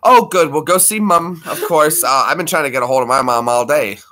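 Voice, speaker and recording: A man's voice: fairly high pitch, a little fast, sharp tone. A man hosting a casual live stream from home, chatting with viewers, greeting them by name and laughing easily.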